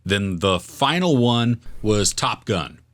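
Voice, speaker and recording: A man who is a guest on a casual movie podcast, chatty and quick to laugh. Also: lowish voice, lively intonation. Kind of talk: casual chat.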